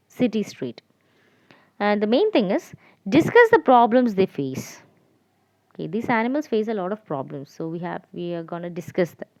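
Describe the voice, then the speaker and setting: A woman's voice: fairly low pitch, no echo. Woman, teacher, repetitive, spells out letters, dry recording. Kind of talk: classroom lesson for children.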